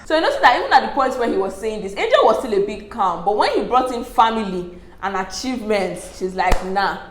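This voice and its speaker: A woman's voice: fairly high pitch, fairly quick, faint music behind. A young Nigerian woman chatting casually as she recaps reality show drama, acting out what people said and laughing often. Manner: animated, quotes people in lively asides, laughs often. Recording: echoey room.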